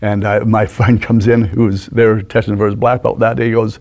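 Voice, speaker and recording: Animated storytelling man in his sixties. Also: fairly low pitch, brisk, vocal fry. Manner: animated raconteur, acts out the people in his stories. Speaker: guest. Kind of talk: anecdotal storytelling. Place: studio.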